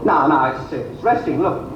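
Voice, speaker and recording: Brief: a man as a high, sing-song, shifty shopkeeper, heard from afar in a very echoey room. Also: lively intonation, normal speed, background noise, close to an everyday voice. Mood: evasive. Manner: evasive, hesitant, shifty excuses. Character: evasive male shopkeeper who denies everything. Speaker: pet shop owner in a comedy sketch. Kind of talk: sketch comedy acting. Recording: echoey, distant, dull clip from speakers.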